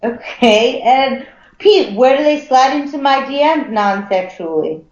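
Higher-voiced woman in a roomy mix. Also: lively intonation, measured pace, a little mellow. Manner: wry, teasing. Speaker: podcast co-host. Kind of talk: casual podcast chat. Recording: roomy, dull lo-fi sound.

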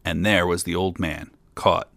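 A man reading a fairy tale aloud in a calm, steady storytelling manner. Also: low voice, a little slow, vocal fry, no room sound.

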